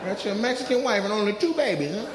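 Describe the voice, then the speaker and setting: A man doing crowd work stand-up, teasing audience members with loud, profane banter. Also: high-pitched, lively intonation, quick pace. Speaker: stand-up comedian. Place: comedy club stage before a live audience. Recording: roomy club with long reverb and audience noise. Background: audience laughter and clapping.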